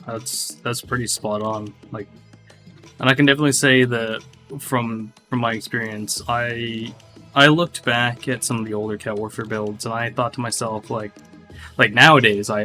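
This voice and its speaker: A man's voice: medium pitch, flat delivery, moderate pace, bright, forceful tone, faint music behind. A man, a game developer, chatting casually in a laid-back, slangy way and laughing easily. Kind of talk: casual chat on a dev stream.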